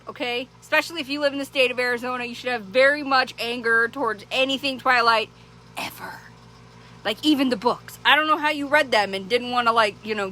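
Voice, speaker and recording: Chatty, rambling woman with a higher voice. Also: bright, forceful tone, low-quality recording. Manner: rambling, chatty, laughs often, many restarts. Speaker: vlogger. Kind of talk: casual chat to camera. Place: small town in Arizona. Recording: clear background noise.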